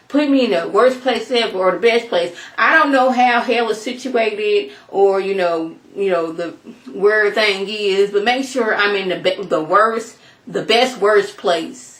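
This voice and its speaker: A doting, grandmotherly devil worshipper, as a woman puts her on fusses over a young man and pushes food on him. She speaks high and eager, and the room echoes around her voice. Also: close to an everyday voice. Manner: doting and pushy, insisting on feeding him.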